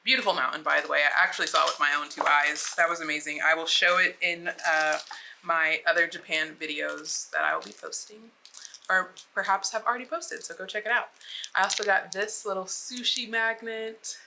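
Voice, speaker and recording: A young woman from the States chats through an unboxing in an easy, bubbly way, sprinkling filler words through every sentence. Her voice sits fairly low for a woman. A steady hum of noise runs under the recording. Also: brisk, gravelly. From United States. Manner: bubbly, chatty, lots of "like" fillers. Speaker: vlogger. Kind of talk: casual unboxing chat.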